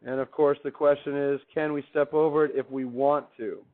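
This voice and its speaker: A man's voice: medium pitch, little pitch movement, moderate pace. A man teaching a math class, chatty and upbeat, putting questions to the class and answering them himself. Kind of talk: classroom lecture. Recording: tinny, phone-like recording.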